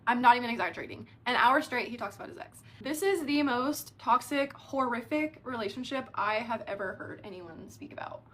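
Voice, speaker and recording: A woman's voice: fairly high pitch, brisk, hardly any pauses. Chatty young woman telling a storytime. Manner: chatty, animated, heavy use of filler "like". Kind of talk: casual storytime monologue.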